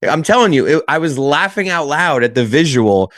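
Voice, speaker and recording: A man's voice: fairly high pitch, sing-song, normal speed, fairly bright tone, no room sound, studio quality. A young adult man co-hosting a podcast in casual chat, teasing and acting out scenes in little voices. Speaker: podcast co-host.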